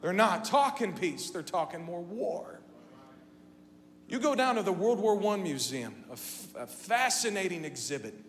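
A man preaching a sermon to his congregation, going from quiet, conversational talk up to shouting. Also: sits high, very animated, unhurried. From Midwestern United States. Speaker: pastor. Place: church sanctuary. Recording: long hall reverb, faint hum.

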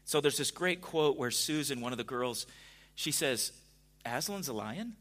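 A man preaching a sermon in a conversational way, dropping to a hush at times and rising to emphatic points. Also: medium pitch, normal speed. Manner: conversational, swings from hushed to emphatic. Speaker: pastor.

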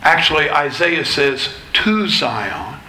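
A man, a pastor, giving an expository sermon in a measured, explanatory teaching manner. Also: a little high, animated, sharp tone, echoey room, low-quality recording.

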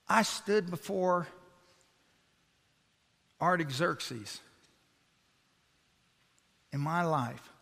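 A middle-aged pastor with a high, bright voice preaches an animated sermon, full of storytelling and sarcastic asides. His voice rings out with a long reverb from the church hall. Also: extremely slow, creaky, pauses often. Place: church sanctuary.

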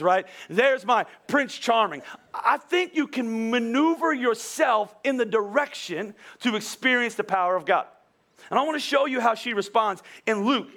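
A male pastor with a high, bright voice preaching with animated storytelling. He often stumbles over his opening words before rushing on. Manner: animated storytelling, repeats words when starting sentences. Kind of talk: sermon.

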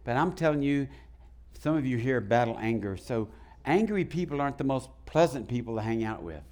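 A man's voice: mid-range voice, lively intonation, brisk, a little mellow. A man preaching a sermon to his congregation in a church, calling out questions to the people. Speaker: pastor. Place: church sanctuary.

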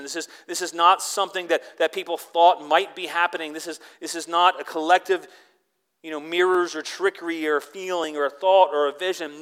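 A man preaching a sermon, earnest, moving between forceful emphasis and hushed, reverent lines. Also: high-pitched, smooth. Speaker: pastor.

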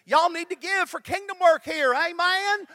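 A man's voice: extremely high pitch, moderate pace, dry recording, clean studio sound, voice pushed up. A man imitating a woman pastor with a Texas twang who firmly urges her congregation to give. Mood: exhorting. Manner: forceful, exhorting, loud. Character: bold preaching woman pastor urging giving.

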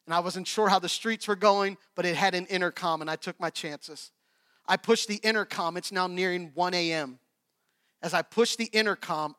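A man preaching a sermon as pastor. He tells a personal story, moves between loud stretches and hushed ones, and asks the congregation questions. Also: high voice.

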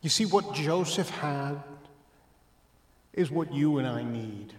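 A man's voice: a little high, animated, measured pace, pauses often. Preaching pastor, man, in an echoey hall. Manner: emphatic preaching that swings from hushed asides to loud exclamations. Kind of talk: sermon.

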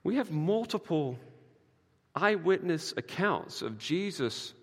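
Animated preacher man in a reverberant hall. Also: a little high, slow pace, husky. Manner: emphatic, swings from quiet to loud; casual asides with frequent "like". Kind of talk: sermon.

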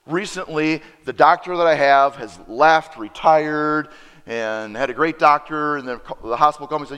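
A man preaching a sermon, telling a personal story and acting out both sides of the dialogue with lively emphasis. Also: on the high side, normal speed, smooth. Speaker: pastor. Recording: preacher in a reverberant hall.

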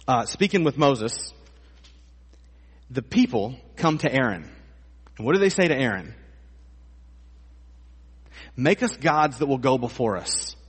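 A man preaching a sermon as a pastor in a church, animated and acting out voices with comic exaggeration. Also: fairly high pitch, husky. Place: church sanctuary. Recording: long hall reverb.

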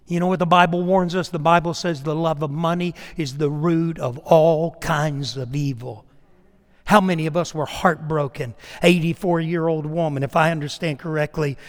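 A man preaches a sermon in a slightly raised voice, dropping to hushed asides before climbing to loud, emphatic peaks. His voice trails off into a long reverb, as in a large hall. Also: fairly high pitch. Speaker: pastor.

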